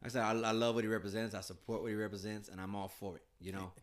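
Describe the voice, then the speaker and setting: A man's voice: fairly low pitch, rapid-fire. A man in casual, profane conversation, telling stories with lots of energy and frequent laughter. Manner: animated storyteller, profane, laughs often. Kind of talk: casual chat.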